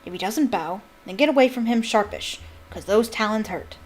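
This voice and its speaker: Woman doing a gruff, kindly giant gamekeeper. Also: mid-range voice, normal speed, lightly acted. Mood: eager. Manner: rustic country speech, dropped words.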